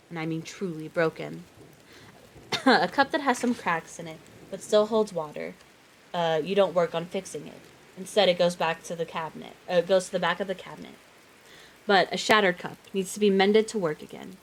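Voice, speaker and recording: A woman reading a novel aloud on a live stream, reading steadily and breaking off now and then for chatty reactions. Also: fairly low pitch. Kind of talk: live read-aloud with asides.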